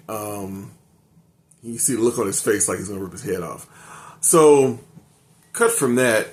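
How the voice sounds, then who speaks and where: An older man casually reviewing an anime episode, rambling and correcting himself as he recaps the plot. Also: medium pitch. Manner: rambling, self-correcting recap with many ums.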